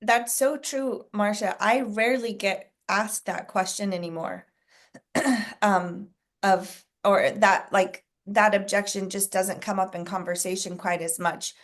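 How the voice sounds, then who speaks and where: A woman at a mid pitch hosts a coaching session. She leads the group with many questions and patient explanations. Her talk is plain and conversational. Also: fairly even intonation, a little slow. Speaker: sales coach hosting a training call.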